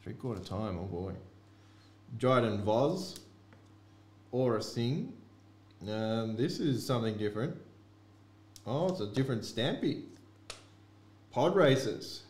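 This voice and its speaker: A man's voice: mid-range voice, lively intonation, takes it slowly, pauses often, darkish tone. A man hosting a card break, chatting offhandedly to viewers as he opens packs. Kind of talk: casual card-break commentary. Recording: echoey room with faint noise.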